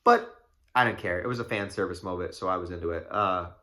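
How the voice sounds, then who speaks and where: A young man giving a casual, excited movie review, rambling with fillers and swearing freely. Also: low-pitched, fast.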